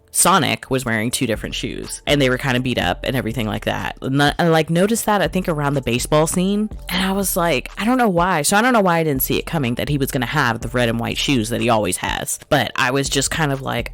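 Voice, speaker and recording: Animated young woman chatting with laughs. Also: rumbling low, a little fast, faint music behind. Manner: animated storyteller, laughs often, acts out quotes. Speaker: podcast host reviewing a movie. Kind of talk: casual chat.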